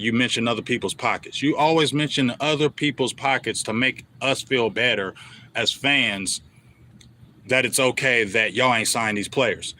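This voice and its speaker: A man with a bright, forceful voice rants in fan commentary, repeating his points and pushing back hard. His pitch sits in a middle range for a man. Faint noise hums under the recording. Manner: heated, repetitive, talks straight at the team bosses. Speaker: sports show host.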